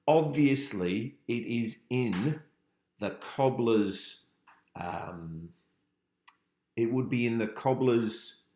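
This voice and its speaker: A man teaching philosophy in a relaxed revision lecture, thinking aloud with frequent ums. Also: on the low side. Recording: roomy echo.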